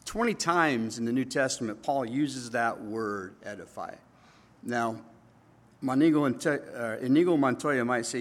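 Pastor, man, mid-pitched voice, lively conversational sermon delivery. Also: measured pace. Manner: animated, asks the congregation "right?" often.

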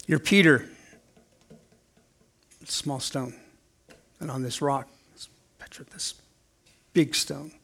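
Man, 60s, pastor, sermon, gravelly voice, middle pitch, conversational, playful quote voices.

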